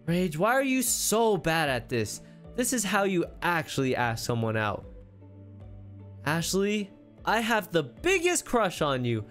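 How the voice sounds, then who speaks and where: A tough, hot-tempered girl, as a man puts her on for a game role-play, blunt and bossy. She talks in slow, unhurried bursts with a lively, swinging pitch. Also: soft background music, heavily acted.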